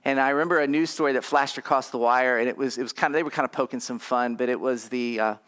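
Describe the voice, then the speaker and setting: A male pastor preaches a conversational sermon, leading the congregation through repeated affirmations in call-and-response. His mid-range voice is steady, fast, a bit bright, and clean.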